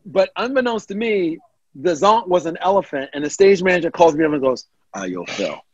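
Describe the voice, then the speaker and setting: A man's voice: sits high, fairly quick, dry recording, highs cut off. A man, a guest comedian, telling a story in casual chat and acting out the people he quotes. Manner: animated, acts out quoted voices.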